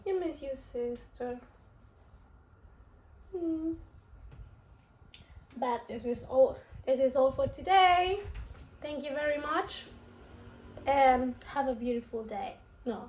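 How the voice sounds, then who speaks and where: A woman's voice: high voice, darkish tone. A woman vlogger telling a story to camera in a chatty, emotional way, repeating herself, in an echoey room.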